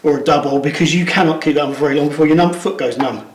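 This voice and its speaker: Male strength coach, higher-pitched, a touch winded, instructive step-by-step delivery, echoey room. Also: rapid-fire. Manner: instructive, step-by-step, trails off quietly at phrase ends. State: out of breath from pulling. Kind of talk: hands-on demonstration.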